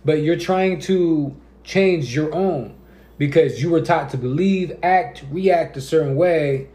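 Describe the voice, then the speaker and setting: A man's voice: fairly high pitch, slow pace, reverberant. A man in his thirties, a podcast host, chatting casually and acting out the people in his stories. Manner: animated storyteller, acts out quotes. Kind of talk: casual chat.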